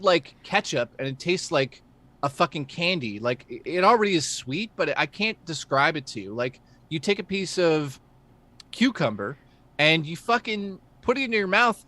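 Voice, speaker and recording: Animated Canadian man telling stories. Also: on the high side, moderate pace. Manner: animated storyteller, swears, laughs often. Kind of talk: casual livestream chat.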